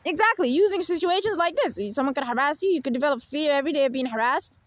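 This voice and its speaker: A woman's voice: high-pitched, quick pace, dry recording. A woman hosting her own channel, talking in a rambling, insistent monologue and keeping the listener with her by repeating "right?" and "okay?". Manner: repetitive, keeps checking with "right?" and "okay?"; insistent, lecturing tone. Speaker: channel host.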